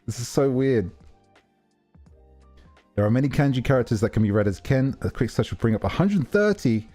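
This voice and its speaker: A man's voice: medium pitch, very animated, quick pace, dark tone, soft background music. A man streaming casually, telling a rambling story full of fillers and self-corrections. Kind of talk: casual livestream chat.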